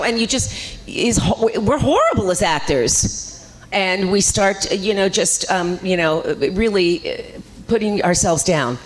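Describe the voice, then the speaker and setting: A woman, an actress at a convention panel, telling lively, rambling stories about her career. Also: mid-range voice, moderate pace. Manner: chatty, rambling, lively storytelling.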